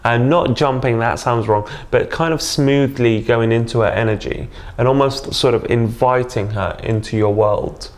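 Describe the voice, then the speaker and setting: A man's voice: mid-range voice, normal speed, hardly any pauses. A man, a dating coach talking earnestly in a casual interview.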